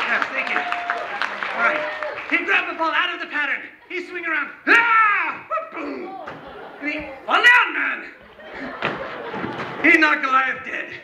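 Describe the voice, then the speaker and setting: A man telling a comic story live while juggling, animated and chatty with the audience. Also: very high-pitched, background noise. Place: live performance room. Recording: echoey room.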